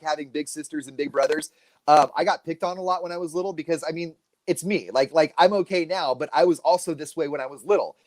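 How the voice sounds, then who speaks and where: A man in his forties co-hosting a casual live stream, telling stories with animated energy. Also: dry recording. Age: 40s. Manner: animated storytelling, lively pitch. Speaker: co-host.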